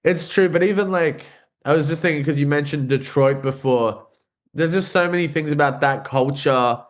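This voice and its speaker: A man's voice: fairly high pitch, moderate pace. An Australian man hosting a podcast and playing in a band, musing earnestly in casual talk and drifting into tangents. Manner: earnest, rambling musings with swearing and fillers. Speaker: podcast host and band musician.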